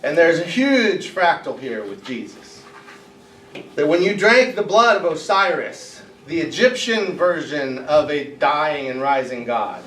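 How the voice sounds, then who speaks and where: A man preaching a sermon in a church, retelling the story in a lively way and acting out the characters' voices. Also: on the high side, unhurried. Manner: animated, acts out characters with voices, laughs at jokes. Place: church sanctuary. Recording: roomy echo, voice from a distance, faint background noise.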